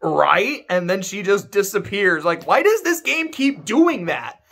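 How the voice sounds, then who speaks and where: A man's voice: high-pitched, very animated, a little slow, creaky, a bit bright. A man giving a casual, sarcastic and profane rant as a video game reviewer.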